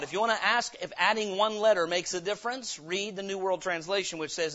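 A man preaching in a high, bright voice, pressing his points hard and tossing questions out to the congregation. The recording is dull and lo-fi, like an old church tape. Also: fairly quick, few pauses. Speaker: pastor. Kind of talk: sermon, Bible teaching.

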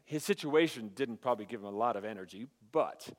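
A man preaching a sermon, telling a story with animated dialogue and asides to his audience. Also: medium pitch, fast. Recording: hall reverb.

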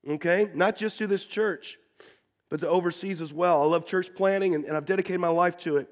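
A man's voice: fairly high pitch, long reverb tail. A man preaching a sermon to his congregation as their pastor, earnest and repeating words as he builds his points. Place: church sanctuary.

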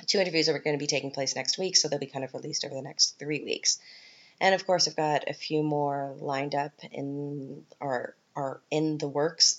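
Low-voiced chatty Canadian woman. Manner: chatty, rambling, frequent ums and asides. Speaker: podcast host. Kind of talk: casual solo podcast talk. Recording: dull lo-fi podcast recording.

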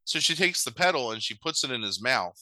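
A man's voice: mid-range voice, sing-song, brisk, pushed and bright, no room sound, poor audio. A man casually retelling a movie plot, swearing and acting out the characters' lines in mock voices. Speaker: podcast host recapping a movie. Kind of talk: casual chat.

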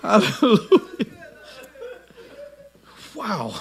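A middle-aged man preaching a sermon, swinging between shouted lines and soft asides. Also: high voice, big pitch swings, normal speed, pauses often. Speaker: pastor.

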